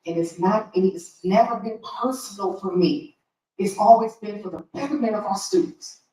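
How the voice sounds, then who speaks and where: A woman's voice: mid-range voice, moderate pace, mellow. An emotional woman speaks as a school board trustee, direct and openly frustrated. Her voice carries from a distance through a big, echoey meeting room. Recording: echoey hall from far off.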